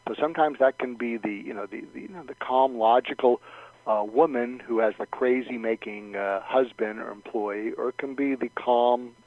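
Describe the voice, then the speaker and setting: A man's voice: fairly even intonation, moderate pace, no room sound. A man giving advice as a guest on a radio talk show, explaining step by step and acting out sample lines of dialogue. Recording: dull low-fidelity radio sound.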